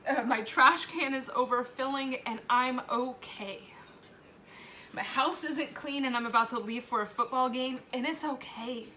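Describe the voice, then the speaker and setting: Tearful, candid woman with a bright voice. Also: high-pitched, unhurried, slight background noise. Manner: candid and emotional, swearing, frequent laughs. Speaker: mother sharing a personal testimonial. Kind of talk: emotional live video confession.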